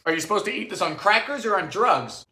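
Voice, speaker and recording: A man hosting a baking video, narrating in a theatrical, sardonic way with sudden high-pitched exclamations, in a home kitchen. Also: sing-song, quick pace, sharp tone. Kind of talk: comedic cooking narration. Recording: echoey room sound.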